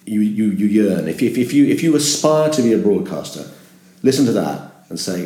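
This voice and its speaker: A sports broadcaster with a very low voice speaks in a reflective, emphatic way. He often stumbles and repeats words as he starts each point. His voice echoes around the room. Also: very animated, normal speed, mellow. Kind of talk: reflective interview talk.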